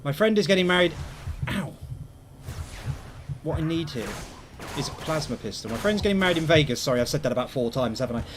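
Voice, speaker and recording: Streaming a video game, a young man keeps up chatty, rambling commentary and mocks himself. His voice is on the high side and expressive, fast but broken by long pauses, against a noisy background.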